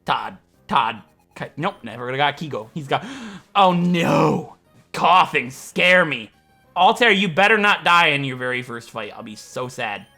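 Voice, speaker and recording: A man hosting a let's play, giving jokey, excitable commentary with mock game-show announcing. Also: on the high side, measured pace, soft background music. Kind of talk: gameplay commentary.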